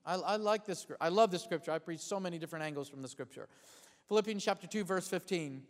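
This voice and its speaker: A male pastor preaching a sermon, calling out to the congregation for responses and repeating phrases for emphasis, speeding up and then slowing down on key lines. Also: high-pitched. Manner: shifts between fast bursts and slow emphatic lines. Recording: long hall reverb.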